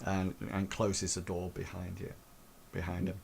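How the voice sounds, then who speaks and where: A man's voice: low-pitched, completely flat delivery, unhurried, creaky, darkish tone, husky. A man running a tabletop game as game master, narrating in a rambling way full of "sort of, like" fillers.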